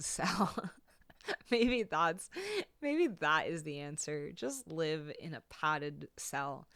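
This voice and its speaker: Young woman, livestream singer-host, casual chat at her desk mic. Bright, smooth tone; chatty, repeats lines. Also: medium pitch. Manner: chatty, repeats phrases, quick laughs. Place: home room with foam sound panels.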